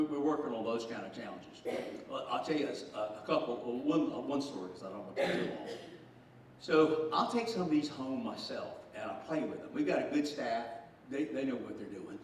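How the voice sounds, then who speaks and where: A man in his sixties with a Southern drawl tells folksy, joking stories to a gathered group. His voice sits at an ordinary pitch for a man. He is picked up from some distance in a very echoey room, with faint noise underneath. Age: 60s. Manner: folksy storyteller, joking, chuckling. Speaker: state official. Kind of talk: speech to a group.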